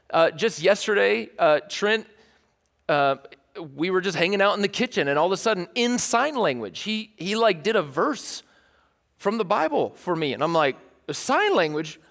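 A man's voice: sits high, animated, moderate pace, gravelly, a bit bright. A man from East Tennessee, preaching a sermon in a loose, joking, conversational way and often repeating himself. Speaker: pastor. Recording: church hall with long reverb.

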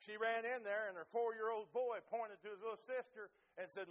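A man's voice: sits high, steady tone, a little fast, fairly bright tone, dull audio, a little hiss or hum. A middle-aged male pastor preaching a sermon earnestly, with repetitive phrasing and direct appeals to his listeners.

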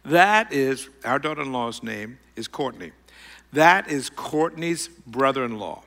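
A middle-aged man telling a self-mocking personal story to an audience, rambling and animated. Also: mid-range voice, unhurried, long reverb tail.

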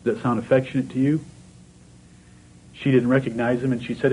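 A man's voice: medium pitch, flat delivery, fairly quick, a little mellow, breathy edge, rough recording. A man preaching a sermon, asking the congregation question after question and rising to fervent emphasis.

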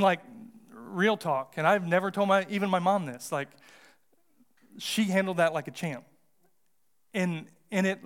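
A man's voice: on the high side, fairly bright tone, clear, resonant tone. A young American man preaching a sermon as pastor, casual and conversational with fillers and restarts. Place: church sanctuary.

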